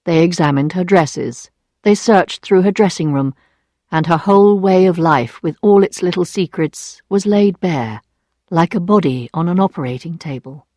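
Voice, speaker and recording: A woman narrating a story in clear, even English for learners. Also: fairly low pitch, moderate pace, dry recording, clean studio sound.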